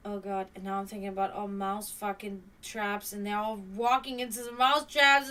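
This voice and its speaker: A woman's voice: medium pitch, moderate pace, hardly any pauses, bright, forceful tone. Giggly, tired woman streamer. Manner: giggly, chatty, swears freely. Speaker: live streamer reading chat. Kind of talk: casual live-stream chat. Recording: distant mic with faint background noise.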